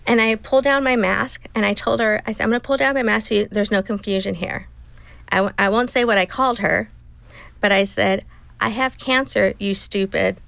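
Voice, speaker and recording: A woman's voice: mid-range voice, fairly even intonation, fairly quick, gravelly, fairly bright tone, no echo. A middle-aged woman, a guest, telling a personal story in an earnest, emotional way and acting out what she told herself. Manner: emotional, earnest storytelling with acted self-talk. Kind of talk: personal story in a casual interview.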